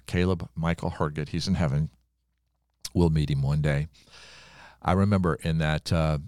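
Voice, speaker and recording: An older man, a pastor, preaching a sermon in earnest, with dramatic pauses and slowed emphasis. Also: extremely low pitch, darkish tone, no room sound, clean studio sound.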